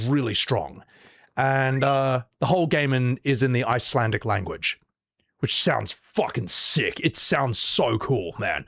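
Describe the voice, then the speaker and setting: A man's voice: medium pitch, no room sound, clean studio sound. A young Australian man streaming live, reacting to trailers in a casual, sweary, ranting way.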